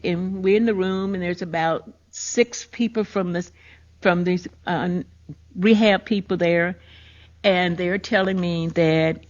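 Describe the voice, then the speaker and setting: An older woman, hosting a podcast and emphatically telling a personal story of grief. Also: lowish voice. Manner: emotional, emphatic retelling. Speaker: podcast host. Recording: muffled lo-fi recording.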